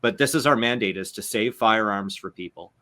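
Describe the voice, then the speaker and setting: A man's voice: on the low side, brisk, sharp tone. A man from Canada hosting a casual podcast discussion, talking earnestly with frequent restarts and repeated words.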